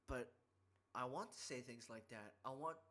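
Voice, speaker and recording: A man streaming, chatting casually in a teasing, boisterous way and prone to shouting. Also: mid-range voice, moderate pace. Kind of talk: casual chat.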